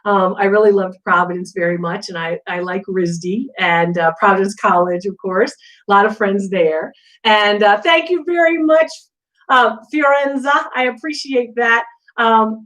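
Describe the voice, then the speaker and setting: A middle-aged woman hosting a live antiques Q&A, chatting casually and telling animated stories full of asides. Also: a little high, poor audio. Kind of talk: casual live-stream chat.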